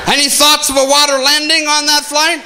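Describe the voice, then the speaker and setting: A man's voice: extremely high pitch, little pitch movement, brisk, sharp tone, a little hiss or hum. A man doing stand-up comedy on a theater stage, telling exaggerated stories and making asides to the audience.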